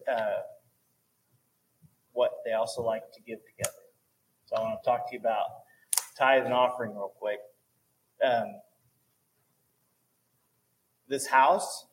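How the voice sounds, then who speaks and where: A man's voice: medium pitch, slight background noise, rough recording. A male pastor speaking to his congregation during a service. His talk is casual and earnest, loose and chatty, and he keeps checking in with the room. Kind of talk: church offering talk. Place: church service.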